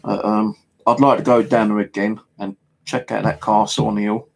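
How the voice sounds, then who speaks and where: A man's voice: on the low side, level tone, moderate pace, gravelly, darkish tone. A man with an English accent telling a rambling, casual story, heavy on fillers and swearing. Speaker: paranormal vlogger. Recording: home video monologue.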